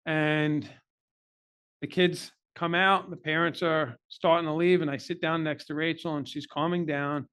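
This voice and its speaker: A man's voice: on the high side, fairly even intonation, a little slow, a bit bright, smooth. A middle-aged man, a podcast guest, earnestly telling an emotional personal story in a candid interview.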